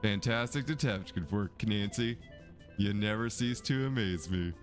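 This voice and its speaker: A man reading as a calm, formal lawman. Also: lowish voice, unhurried, soft background music, natural voice. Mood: reassuring.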